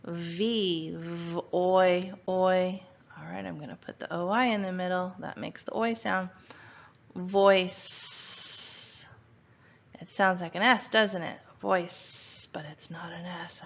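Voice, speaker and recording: A woman's voice: lowish voice, steady tone, creaky, fairly bright tone. Woman, first grade teacher, spelling lesson, sounds out letters patiently, dull lo-fi recording. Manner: sounds out letters slowly and patiently, asks questions. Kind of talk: phonics spelling lesson for young children.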